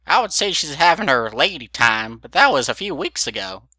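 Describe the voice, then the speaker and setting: A man's voice: a little high, big pitch swings, normal speed, bright, forceful tone, no room sound, studio quality, voice pushed up, exaggerated voice. A man voicing a nosy, feisty elderly female pony with a teasing folksy drawl.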